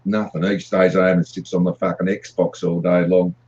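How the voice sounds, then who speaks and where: A man's voice: low voice, little pitch movement, normal speed, a little mellow, dull audio. A man calling in for a casual chat, plain-spoken and leaning on "you know.". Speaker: caller.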